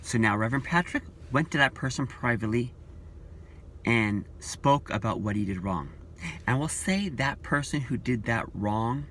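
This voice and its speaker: A man's voice: medium pitch, fairly bright tone, a little hiss or hum. A man vlogging about church leaders, talking in an earnest, repetitive, preachy way. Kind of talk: casual opinion vlog.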